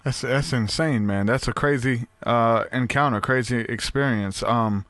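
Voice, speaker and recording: A man's voice: medium pitch, unhurried, no room sound. A man hosting a podcast, chatting casually with plenty of fillers. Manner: relaxed, filler-heavy, reacts with laughter. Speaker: podcast host. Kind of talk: casual chat.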